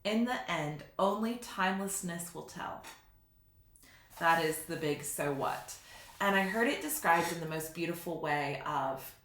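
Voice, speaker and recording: A woman speaks in a slightly low but bright, forceful voice. She gives a spiritual teaching in an unhurried, reflective way and laughs at her own slips. The sound carries a roomy echo. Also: animated. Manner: slow, reflective, laughs at herself.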